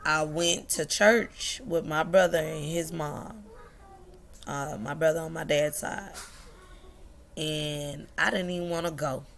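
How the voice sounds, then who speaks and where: A woman's voice: low voice, steady tone, slow pace, gravelly. A young woman telling a personal story to the camera, emotional and laughing, at times tearful. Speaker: vlogger.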